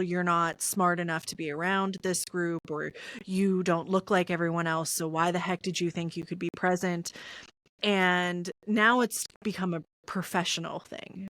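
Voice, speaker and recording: A woman's voice: on the low side, dry recording. A woman in her thirties hosting a podcast, talking in a reflective, conversational way and acting out her inner voices as she tells stories. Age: 30s. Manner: reflective, animated storytelling with quoted inner voices. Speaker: podcast host.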